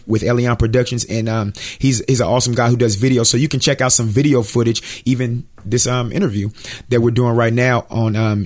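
Earnest preaching man, mid-pitched. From United States. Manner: earnest, encouraging, repeats words. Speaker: Christian rapper and guest. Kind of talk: interview, preaching.

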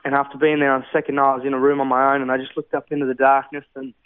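A man's voice: mid-range voice, monotone, very fast, clear, resonant tone, no echo. A man, telling his personal testimony in an earnest, heartfelt way with many fillers. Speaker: guest sharing testimony. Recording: tinny phone-like radio sound.

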